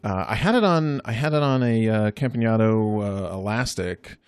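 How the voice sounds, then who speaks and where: A man co-hosting a podcast in relaxed, easygoing chat, often agreeing and laughing. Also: lowish voice, normal speed, clear, resonant tone, dry recording. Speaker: podcast co-host. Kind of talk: casual chat.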